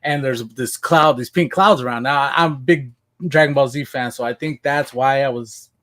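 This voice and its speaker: A man from Washington State telling his life story as a podcast guest, casual and animated, acting out what he said back then. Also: medium pitch, normal speed. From Washington State, USA. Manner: animated, acts out his own past voice.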